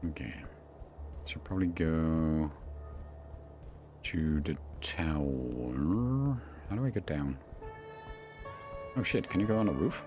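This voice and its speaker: A young man streams a video game, chatting casually and muttering to himself, with the odd curse. His pitch rises and falls a lot as he reacts. Soft game music plays quietly behind him. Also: expressive, takes it slowly, pauses often. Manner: mutters and swears, reads game text aloud. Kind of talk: casual gameplay commentary.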